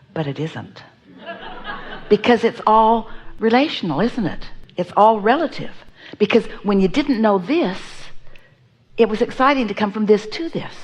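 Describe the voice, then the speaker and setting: A woman's voice: medium pitch, darkish tone, slightly rough. A woman teaching a live seminar audience, speaking as "we" and often checking that listeners follow. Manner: speaks as "we", asks the listener to agree.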